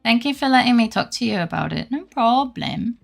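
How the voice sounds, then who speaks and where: A young woman streamer talks in a loose, rambling way, swearing freely as she answers her chat. Her voice is bright with a gravelly fry, and faint game music plays under her words. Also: fairly high pitch, expressive, quick pace. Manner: rambling, chatty, swears freely, laughs often. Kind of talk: casual live-stream chat.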